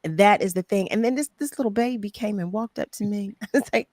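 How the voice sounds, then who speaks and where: Woman host gushing over a guest, dry close sound, middle pitch. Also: brisk, no room sound. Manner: warm, effusive, greets viewers by name. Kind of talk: casual interview chat.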